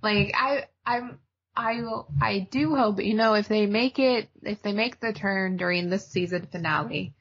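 A woman's voice: mid-range voice, measured pace, fairly bright tone, breathy edge. A woman co-hosting a casual TV review podcast, chatty and opinionated, laughing often. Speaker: podcast co-host. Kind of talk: casual chat reviewing TV shows. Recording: dull lo-fi audio.

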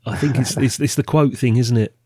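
A man hosting a casual chat, leading a list and talking in a relaxed, chatty way. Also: medium pitch, fairly quick, breathy edge, dry recording, clean studio sound. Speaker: podcast host.

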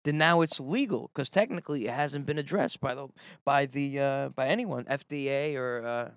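A man's voice: medium pitch, moderate pace, clear, resonant tone, no room sound, studio quality. A man whose first language is Russian, chatting casually on a podcast, rambling and swearing freely as he jokes. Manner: rambling, profane, joking. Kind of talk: casual chat.

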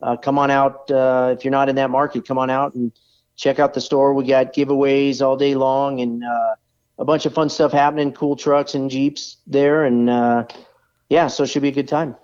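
A man's voice: mid-range voice, little pitch movement, a little mellow, clear, resonant tone. Man on a dull call-in line. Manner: halting, filler-heavy. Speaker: guest store owner. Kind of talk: casual interview.

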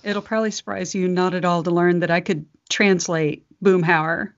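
A woman's voice: lowish voice, fairly even intonation, normal speed. A woman co-hosting a podcast in casual chat, with a wry, dry humor and casual swearing. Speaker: podcast co-host. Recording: dull lo-fi sound.

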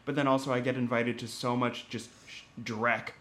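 A man's voice: medium pitch, little pitch movement, moderate pace, fairly bright tone. A young man co-hosting a podcast, in casual chat, joking and laughing often. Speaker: podcast co-host and stand-up comic.

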